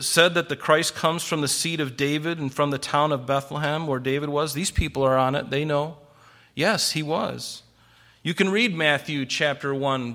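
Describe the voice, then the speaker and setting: A man preaching an expository sermon, animated and full of rhetorical questions. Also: on the high side. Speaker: pastor.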